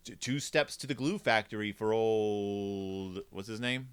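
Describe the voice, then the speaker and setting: A man's voice: fairly low pitch, measured pace, smooth. A man hosting a comedic review of a children's book, talking in a snarky, rambling way.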